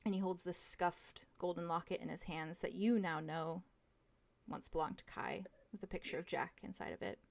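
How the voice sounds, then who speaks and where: A young woman narrating a tabletop game as game master in the second person, in a hushed, dramatic way. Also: on the low side, fairly even intonation, normal speed, creaky.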